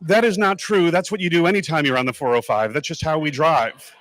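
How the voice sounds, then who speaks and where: A man giving a jokey awards ceremony speech as an animated storyteller, with sudden loud bursts. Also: a little high, a little fast, no room sound.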